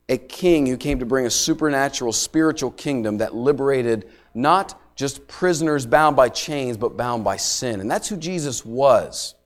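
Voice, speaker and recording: A man preaching a conversational sermon, often checking in with his listeners and slowing to a hush on key phrases. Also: mid-range voice. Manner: slows and drops quiet on key phrases. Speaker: pastor.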